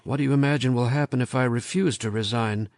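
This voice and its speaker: A man voicing a quiet, worn-down middle-aged professor who speaks flatly and distantly. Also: mid-range voice, dry recording, clean studio sound, close to an everyday voice. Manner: flat, distant, halting.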